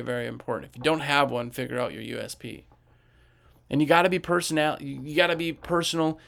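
A man giving casual business coaching tips, animated and conversational, asking rhetorical questions and acting out customers' voices. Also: a little high, vocal fry.

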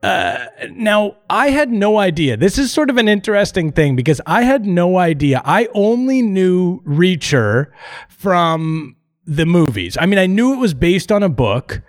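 A man hosting a podcast in casual chat, his voice sitting a little high for a man. He rambles, jokes and swears freely, doubling back on his words as he goes. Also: big pitch swings, measured pace. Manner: rambling, profane, jokey, with restarts. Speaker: podcast host.

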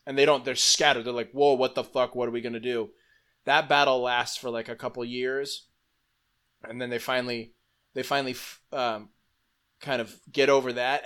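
Animated man telling a story casually. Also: medium pitch, smooth. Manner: animated, swears freely, acts out quotes. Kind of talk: casual storytelling retelling a fantasy book.

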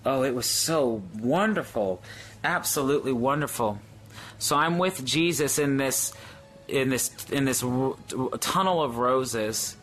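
A man's voice: mid-range voice, animated, unhurried, a bit bright, faint music behind. A man earnestly recounting a spiritual vision to viewers on a livestream, full of awe and frequent hesitations. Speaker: Christian speaker sharing a vision. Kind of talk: livestream testimony, answering viewers.

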